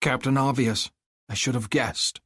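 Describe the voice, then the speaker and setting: Man putting on a yelling, defiant young woman. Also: medium pitch, steady tone, measured pace, breathy edge, no echo, studio quality, pitched above the performer's own voice. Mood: sarcastic. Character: feisty stranded young human woman. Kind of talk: audiobook character voice.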